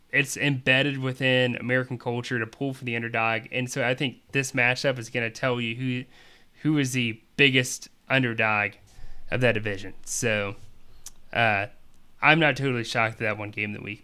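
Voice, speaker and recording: Chatty bright-voiced male show host. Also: mid-range voice, steady tone, normal speed, clean tone. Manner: rambling, chatty, filler-heavy analysis. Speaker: fantasy league podcast host. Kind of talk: casual sports talk commentary.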